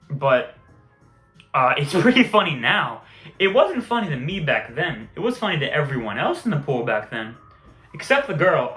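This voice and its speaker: A man's voice: fairly high pitch, pushed and bright. A young man casually telling school stories, rambling and swearing, laughing at his own tales. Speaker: vlogger. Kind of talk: casual storytelling. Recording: echoey room with faint music.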